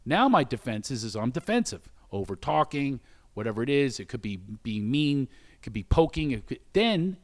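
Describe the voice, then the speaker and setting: A middle-aged guest with an ordinary mid-range voice shares a personal story candidly, at a moderate pace, in a conversational way. He gets animated, acting out quoted exchanges with sudden high exclamations, before growing quiet and reflective about shame and recovery.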